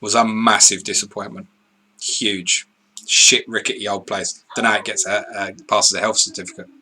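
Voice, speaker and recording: Sweary, bright-voiced bloke. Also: male voice, fairly low pitch, little pitch movement, normal speed, a little hiss or hum. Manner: blunt, sweary, laughs easily. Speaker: livestream co-host reading viewer questions. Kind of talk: casual live stream chat.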